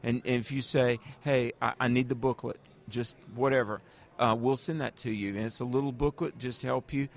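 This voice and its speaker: An earnest man, talking like an evangelist in an interview. He tells his stories in a middle-pitched voice and turns to address the listener directly as "friend." The delivery is warm and preaching-like. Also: steady tone, brisk, gravelly, hardly any pauses. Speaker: guest evangelist.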